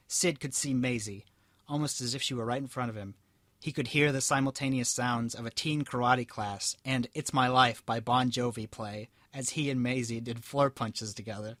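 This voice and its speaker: A man's voice: medium pitch, a bit bright, dry recording. A young man running a comedic tabletop game, reading a story aloud in a hammy, melodramatic voice and chatting with the players. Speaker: game master.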